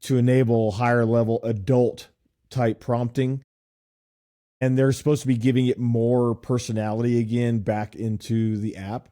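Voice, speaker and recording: Podcast co-host from Nashville, middle-aged man, relaxed mellow voice, animated storyteller. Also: medium pitch, normal speed. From Nashville, USA. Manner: animated storytelling, laughs often. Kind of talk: casual chat.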